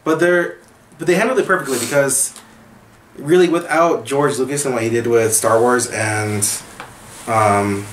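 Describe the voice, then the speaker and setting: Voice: medium pitch, normal speed. Enthusiastic fan in an echoey room. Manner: enthusiastic fan talk, many fillers. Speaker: podcast co-host. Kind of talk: casual TV recap chat. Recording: echoey room, far from mic, faint hiss.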